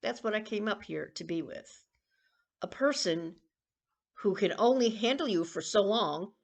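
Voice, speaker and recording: A woman in her sixties rambling and confiding in a casual personal vlog, with coughs and throat-clearing. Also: medium pitch, expressive, measured pace. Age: 60s. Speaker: vlogger.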